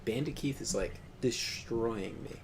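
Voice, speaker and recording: A man's voice: medium pitch, unhurried, background noise. A young man co-hosting a gaming video, telling stories with lots of swearing and laughter while he plays. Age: young adult. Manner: profane, laughing, animated storyteller. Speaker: gaming channel co-host. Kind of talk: casual gameplay commentary and storytelling.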